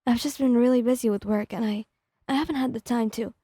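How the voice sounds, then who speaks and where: A woman voicing an anxious young partner who speaks softly and stammers. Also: on the high side, fairly even intonation, quick pace, husky, dry recording, studio quality. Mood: hurt, timid. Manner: soft, hesitant and stammering.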